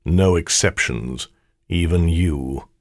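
A man voicing an ancient, aloof male spirit bound to a ring, speaking in a measured, commanding way in an audiobook. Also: low-pitched, no echo, clean studio sound, voice pushed down. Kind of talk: audiobook character voice.

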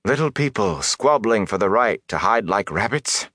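A man voicing a grave, quiet sorceress. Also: on the low side, animated, moderate pace, dry recording, clean studio sound, heavily acted. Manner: quiet but stern and grave. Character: commanding mysterious sorceress woman.

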